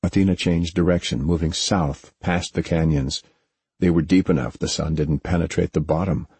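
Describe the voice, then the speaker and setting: A man reads a story in a steady, measured way. His voice sits very low and has a husky grain. The recording is dry, with no room sound. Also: dry recording. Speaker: audiobook narrator. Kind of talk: scripted narration.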